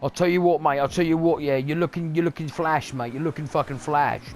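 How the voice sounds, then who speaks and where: A man's voice: fairly high pitch, steady tone, a little fast, slight background noise, lightly acted. A man voicing a pushy male street hustler who swears through a wheedling hard sell.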